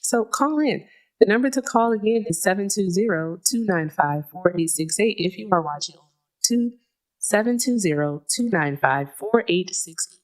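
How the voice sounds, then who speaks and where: A woman's voice: mid-range voice, normal speed. A woman hosting a live call-in stream, talking casually and chattily, swearing freely and often laughing, speaking into a headset mic. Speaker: livestream host. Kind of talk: casual livestream chat. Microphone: headphones with mic at a streaming desk.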